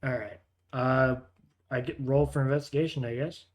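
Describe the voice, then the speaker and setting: A man's voice: medium pitch, fairly even intonation, normal speed. Hesitant male game master. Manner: hesitant, many fillers and restarts. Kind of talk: narrating a tabletop game.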